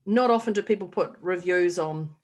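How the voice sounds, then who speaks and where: A middle-aged woman co-hosting a casual podcast chat, animated and laughing often as she acts out quoted voices. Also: fairly low pitch, moderate pace. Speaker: podcast co-host.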